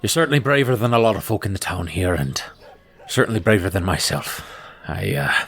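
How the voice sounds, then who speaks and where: A man's voice: deep voice, sing-song, a little fast, a bit bright, full character voice. A man voicing a blunt, plain-spoken town official in a tabletop game.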